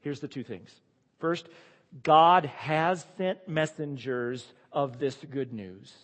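A man preaching a sermon and reading scripture aloud. He is emphatic and swings between loud declarations and hushed asides. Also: fairly high pitch, slow pace, big-room sound.

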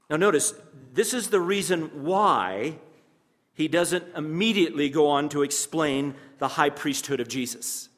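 A pastor preaching a sermon to his congregation, measured and emphatic, with pauses and asides to the listeners. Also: on the high side, fairly bright tone, big-room sound.

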